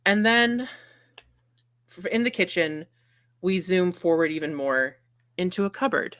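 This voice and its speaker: Lady gm getting over a cold, bright voice, slow easy pace, dry sound. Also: fairly low pitch, no echo. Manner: chatty and giggly, playful narration. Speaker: game master. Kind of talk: narrating a tabletop game.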